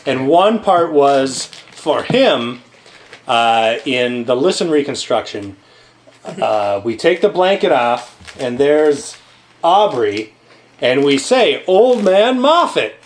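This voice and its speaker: A man's voice: mid-range voice, animated, takes it slowly. A man in casual panel chat, telling stories animatedly and acting out both sides of a back-and-forth. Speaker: comedy troupe member on a convention recap panel.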